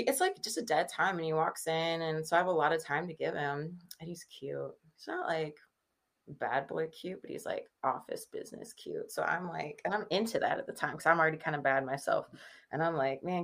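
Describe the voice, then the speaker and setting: Chatty woman telling a story, low voice. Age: 30s. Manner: chatty, laughs often, acts out quoted people. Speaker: podcast guest. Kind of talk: casual storytelling chat.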